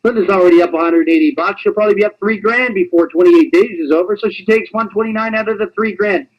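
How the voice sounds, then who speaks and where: A man presenting a sales pitch on a webinar, in an animated, teasing, repetitive salesman patter. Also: quick pace, highs cut off.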